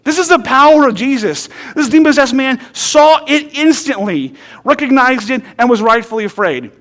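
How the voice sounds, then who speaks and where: Male pastor, very high voice for a man, casual and funny sermon delivery with emphatic storytelling. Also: expressive, normal speed, fairly bright tone. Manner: conversational and humorous, often asks "right?".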